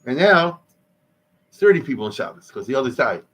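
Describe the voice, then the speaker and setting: A man's voice: medium pitch, very animated, a little fast, fairly bright tone. Man, rabbi, informal history lecture in a synagogue hall, conversational, Hebrew and Yiddish terms.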